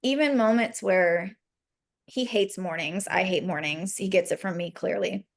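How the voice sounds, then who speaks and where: A woman's voice: fairly low pitch, measured pace, creaky. A young adult woman as a podcast guest, talking candidly and earnestly about raising her son, with frequent fillers. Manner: earnest, open, rambling with fillers. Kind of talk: candid interview talk.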